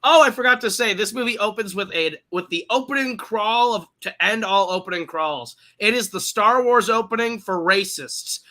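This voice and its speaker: A man hosting a podcast, recapping a film plot in a profane, irreverent, animated way. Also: high voice, normal speed, few pauses. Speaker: podcast host. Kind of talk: casual comedic plot recap.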